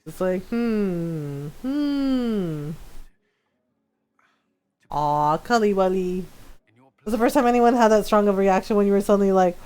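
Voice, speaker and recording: A young adult woman streaming a video game and chatting casually, telling stories with lively quoted voices and frequent giggles. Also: mid-range voice, measured pace, pauses often, smooth. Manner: animated storytelling, giggly, quoting people in lively voices. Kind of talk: casual gameplay stream chat.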